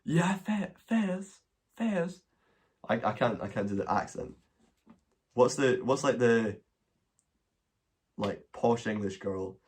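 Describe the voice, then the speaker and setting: A man's voice: lowish voice, a little slow, pauses often, darkish tone. A man with a Scottish accent hosting a casual livestream Q&A, rambling with many restarts and some swearing. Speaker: livestream host answering questions. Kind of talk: casual chat.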